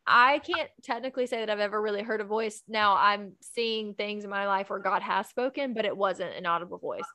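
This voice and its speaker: A woman's voice: mid-range voice, fairly quick, pushed and bright, no echo. A woman co-hosting a casual Christian podcast, chatty and joking, often laughing between points. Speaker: podcast co-host. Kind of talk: casual faith chat.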